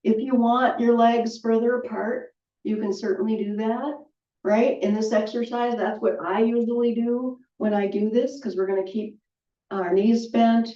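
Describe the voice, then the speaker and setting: A woman leading a qigong movement class, calmly cueing each breath with chatty asides. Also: fairly high pitch, normal speed. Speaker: qigong instructor. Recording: roomy, distant, dull audio.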